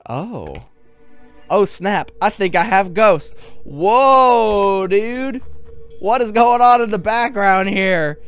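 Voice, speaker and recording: A man's voice: high voice, expressive, slow pace, clear, resonant tone, faint music behind. A man playing a game and reading its text aloud, with jokey asides. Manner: jokey, joking asides and laughter. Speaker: gaming video creator.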